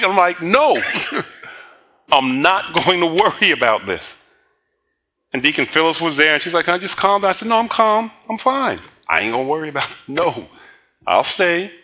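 A bright, somewhat high-pitched man preaching a lively sermon to his congregation. He tells stories through acted-out dialogue and breaks into laughter as he goes. The voice of a middle-aged pastor.

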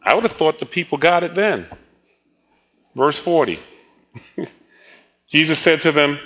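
A man's voice: fairly high pitch, animated, a little slow, pauses often, fairly bright tone. A man preaching a sermon, telling the story with frequent laughs and acted-out quotes. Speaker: pastor.

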